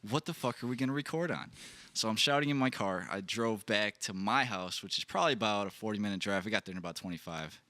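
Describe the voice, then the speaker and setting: A man hosting a casual podcast chat, telling stories in an excitable, profane way. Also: fairly low pitch, fast, no echo. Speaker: podcast host.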